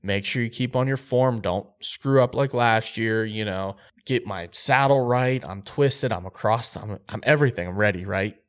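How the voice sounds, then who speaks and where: A man co-hosting a podcast, telling a hunting story in an animated, excitable way. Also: on the low side, moderate pace, hardly any pauses, clear, resonant tone. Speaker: podcast co-host.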